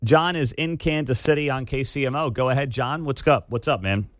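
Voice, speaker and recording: Speaking into a studio mic in a radio studio, this talk show host rattles off an opinionated monologue at a brisk clip. His mid-range voice carries incredulous sarcasm, he laughs at how absurd it all is, and the audio has no echo.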